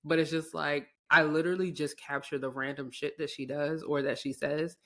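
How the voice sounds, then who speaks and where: A woman's voice: low voice, normal speed. A woman in her thirties co-hosting a podcast, telling stories in a chatty, slangy way. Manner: chatty, drops slang, animated storytelling. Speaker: podcast co-host. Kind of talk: casual chat.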